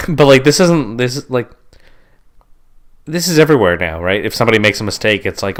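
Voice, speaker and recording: A man's voice: mid-range voice, a little fast. A man co-hosting a podcast in casual chat, rambling and stringing his thoughts together with "like" and "right?". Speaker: podcast co-host.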